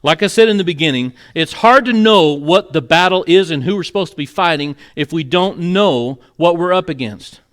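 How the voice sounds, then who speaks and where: A man preaches to his congregation in an earnest, conversational way. He talks plainly and now and then grows emotional. His voice sits a little higher than most men's. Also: normal speed, few pauses, a bit bright. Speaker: pastor. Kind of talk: sermon. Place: church sanctuary.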